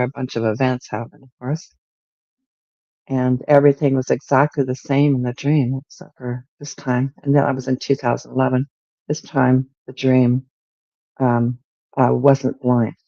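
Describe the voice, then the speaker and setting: A middle-aged woman, a podcast guest, telling a story in an animated, lively way and acting out her own lines. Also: extremely low pitch, no echo, lo-fi sound. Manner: animated, lively retelling with acted-out quotes. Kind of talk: storytelling in an interview.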